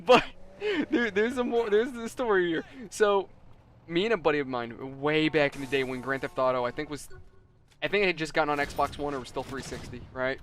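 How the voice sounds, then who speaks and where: A man's voice: on the high side, fairly even intonation, brisk, fairly bright tone. A man hosting a gaming video, telling a story in casual chat with lots of laughter and voiced quotes. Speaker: let's play host.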